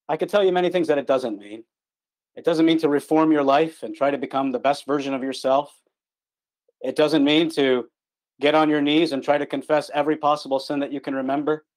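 A man with a fairly high voice preaches a gospel sermon to listeners on an online call. He is earnest and emphatic, hammering home key words through repetition. His pitch swings between lifted stresses and low, quiet drops. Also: brisk.

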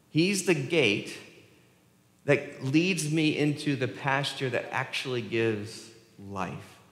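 A man in a church sanctuary delivers an animated, conversational sermon at a middle pitch. He often checks in with the congregation. His voice carries the echo and long reverb of a big hall. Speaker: pastor.

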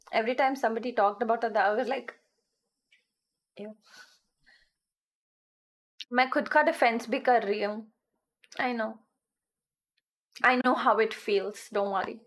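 A young woman from India talks in a high, bright voice, with an Indian English accent that keeps sliding toward American. Her stream chat is loose, slangy and full of giggles. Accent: Indian English, shifting toward American. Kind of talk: casual chat.

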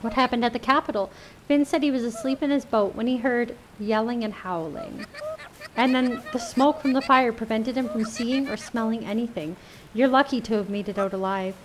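A woman's voice: on the high side, moderate pace, slight background noise, lightly acted, low-quality recording. A woman voicing a kindly, welcoming male villager in a cozy game.

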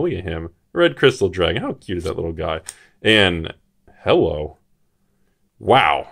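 A man hosting a card-collecting channel, talking excitedly to his viewers as he opens a booster box and reacts to each card. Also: lowish voice. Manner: excitable, full of exclamations; chatty, addresses viewers directly. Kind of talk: booster box opening commentary.

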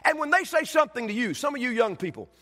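High-pitched preacher in a reverberant hall. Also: male voice, sing-song, fast talker. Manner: dramatic storytelling preacher, shouting acted quotes then dropping low and quiet. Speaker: pastor. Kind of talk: sermon. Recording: long reverb of a church hall.

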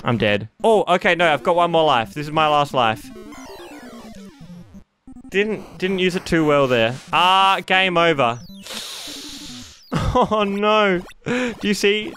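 A man giving excitable, jokey running commentary while he plays a video game, and often talking to himself. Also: high voice, takes it slowly, pauses often, faint music behind. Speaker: gaming YouTuber. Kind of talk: let's-play commentary.

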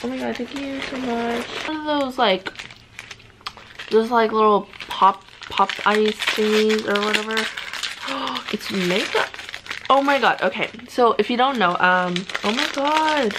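Gushing young woman, fairly high voice. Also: a little slow. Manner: gushing, excitable, heavy on "oh my god" and "like". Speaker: vlogger. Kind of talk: casual unboxing vlog. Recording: clear background noise.

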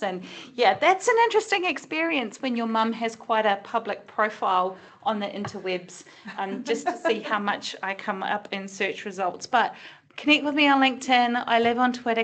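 A woman's voice: a little high, fairly bright tone. A middle-aged woman with a light New Zealand accent talks through a video-call meetup she co-hosts. She is chatty and informal, circling back on her words as she thinks aloud. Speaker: co-host of a community video call. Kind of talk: casual online meeting chat.

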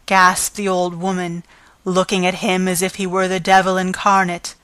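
A woman narrating an audiobook in a measured, unhurried reading style. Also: on the low side, monotone, a bit bright, clear, resonant tone, no room sound.

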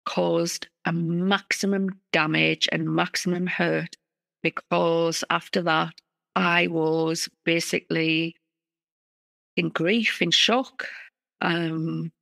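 A middle-aged woman tells her own story in an interview, her voice slipping into a gravelly fry. She speaks earnestly and haltingly, often restarting her sentences. The sound is close and dry, with no room around it. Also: fairly low pitch, fairly bright tone, no echo. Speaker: interview guest. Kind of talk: personal story in a podcast interview.

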